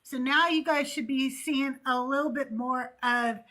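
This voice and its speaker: A woman's voice: sits high, steady tone, a little slow, sharp tone. An older woman hosting a live call-in stream in casual chat, laughing often and swearing freely. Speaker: host.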